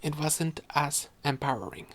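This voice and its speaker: Gravelly young man. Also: a little high, lively intonation, a little slow, a bit bright, slight background noise. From Quebec, Canada. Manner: rambling, giggly, self-correcting. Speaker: podcast host and student. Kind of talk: casual solo chat.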